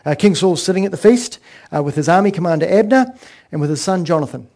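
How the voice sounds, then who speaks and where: A man giving a sermon-style Bible exposition, earnest and explanatory, with frequent pauses. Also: sits high, expressive, darkish tone. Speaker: Bible teacher.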